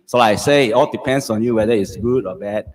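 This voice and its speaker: A man's voice: lowish voice, fast talker. A middle-aged man with a Singaporean English accent, teaching a live-streamed Japanese lesson, repeating phrases and checking in with "okay?" often.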